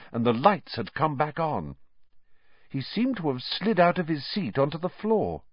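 A man's voice: medium pitch, no echo, highs cut off. A man narrating an audiobook with dramatic, suspenseful storytelling. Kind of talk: scripted narration.

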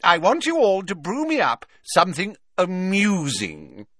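A man's voice: sits high, wildly swooping pitch, unhurried, pushed and bright, dry recording, voice pushed up, full character voice. Guy doing a cheery old potions prof, airy and drawn out, dry sound. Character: jovial, genial older male potions teacher.

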